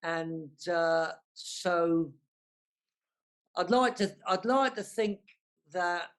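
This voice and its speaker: A South London man in his sixties chats casually as a panel guest over a video call, poking fun at himself and frequently restarting his sentences. His voice is high and fairly bright, and he speaks extremely slowly.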